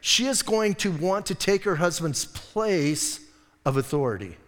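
High-voiced joking male pastor. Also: unhurried. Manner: lively, joking, acts out quoted voices. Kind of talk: sermon. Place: church sanctuary. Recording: long church reverb.

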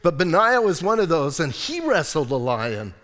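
A man's voice: a little high, big pitch swings, normal speed, fairly bright tone. A man preaching a casual, humorous sermon as a pastor in a church, often asking the congregation questions. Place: church sanctuary. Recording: long reverb of a church hall.

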